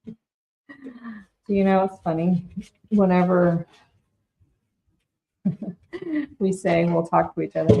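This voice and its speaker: Slow, creaky and dark, a woman's lowish voice pauses often as she hosts a live DIY painting demo for her shop, with slight background noise and poor audio. She keeps things chatty and upbeat, speaking to viewers by name.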